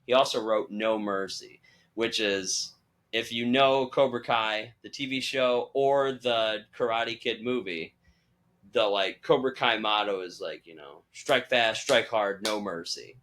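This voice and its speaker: A man's voice: on the low side, a little slow. A young man hosting a podcast, chatting casually and acting out the people in his stories. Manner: animated storytelling, acting out quoted voices. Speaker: podcast host. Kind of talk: casual chat.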